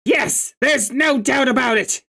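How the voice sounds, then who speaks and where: A reader voicing a hot-tempered young male troll who shouts and rants in exasperation. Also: high voice, a little slow, creaky, breathy edge, pitched above the performer's own voice, heavily acted. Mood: angry ranting.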